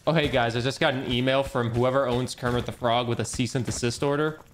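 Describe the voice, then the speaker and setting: A man's voice: mid-range voice, fairly even intonation, a little fast, a little hiss or hum. A man streaming a video game, chatting casually in a rambling, joking, self-mocking way, over game music. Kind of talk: casual gaming commentary.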